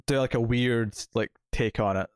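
A man's voice: medium pitch, moderate pace, smooth, no echo, clean studio sound. A man co-hosting a podcast, chatting casually and reading out thanks, with many fillers and restarts. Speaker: podcast co-host. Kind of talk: casual podcast chat and outro.

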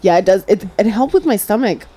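A woman's voice: medium pitch, animated, fairly quick, warm tone, a little hiss or hum. A young woman in casual chat, speaking openly and laughing often as she tells stories. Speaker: guest, younger sister.

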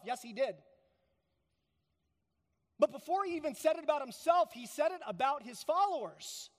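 High-voiced man preaching in a reverberant hall. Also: lively intonation, normal speed, pauses often. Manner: emphatic, repeats key phrases for stress. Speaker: pastor. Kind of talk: sermon.

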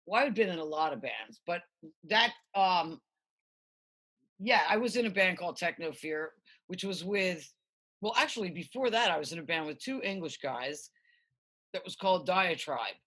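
With a fairly low pitch and moderate pace, a middle-aged American musician tells stories in an easygoing interview. She's animated and rambling, and she swears freely.

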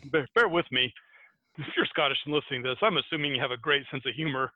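A man's voice: medium pitch, fast, dry recording. An American man hosting a podcast in casual chat, rambling and laughing at himself as he retells a folktale. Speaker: podcast host. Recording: tinny phone-like dry sound.

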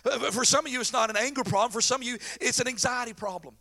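Animated, bright-voiced preacher man. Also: very high-pitched, very fast, gravelly. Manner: folksy, joking, animated storyteller. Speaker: pastor. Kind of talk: sermon.

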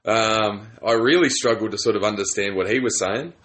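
A man's voice: fairly low pitch, moderate pace, a bit bright. An Australian man hosting a casual podcast, chatty and laid-back, laughing easily. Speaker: podcast host.

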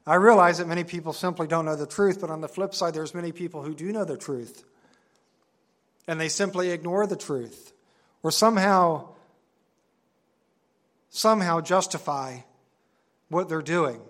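Earnest man preaching, slightly high voice. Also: a bit bright. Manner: earnest, emphatic, stresses key words and slows on them; reads scripture aloud in old-fashioned wording. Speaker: Bible teacher. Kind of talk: sermon-style Bible teaching.

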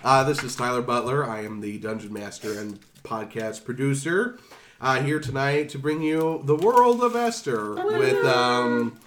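A man's voice: medium pitch, a little slow, fairly bright tone, a little hiss or hum. A young man with a stuffed-up voice from a cold, running a tabletop game as dungeon master in easygoing chat. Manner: laughing, easygoing, trailing off with fillers. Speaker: dungeon master and podcast producer.

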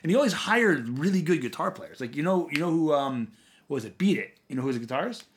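A man's voice: a little high, lively intonation, fast, a little hiss or hum. A man co-hosting a podcast in casual chat, laid-back and swearing freely. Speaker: podcast co-host.

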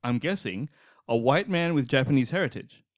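A man co-hosting a casual podcast chat, animated and sweary, laughing often. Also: mid-range voice, normal speed, no room sound, clean studio sound. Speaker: podcast co-host.

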